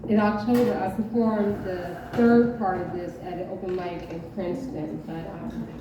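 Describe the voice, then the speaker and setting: A woman's voice: on the low side, steady tone, background noise. Woman reading a story, far and echoey. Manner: measured storytelling with hesitant asides. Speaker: open mic performer. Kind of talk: reading her own short story aloud. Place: open mic venue. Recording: echoey dull room from far off.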